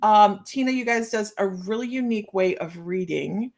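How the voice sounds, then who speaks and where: There's background noise behind this woman's mid-range voice, which moves at normal speed. She keeps her casual psychic-reading livestream chatty and playful, laughing and giggling often between remarks while reading cheeky card lines.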